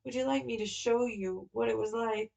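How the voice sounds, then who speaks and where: A woman's voice: fairly high pitch, steady tone, moderate pace, gravelly, a little mellow, dull audio. A woman reading a novel aloud, voicing an earnest, flustered young man who explains things at length.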